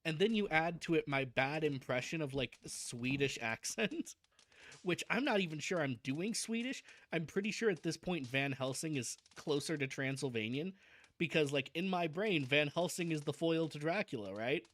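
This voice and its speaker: A man's voice: a little high, lively intonation, normal speed, a bit bright. A man chatting casually on a livestream before reading a novel aloud. He is self-deprecating and restarts his sentences often.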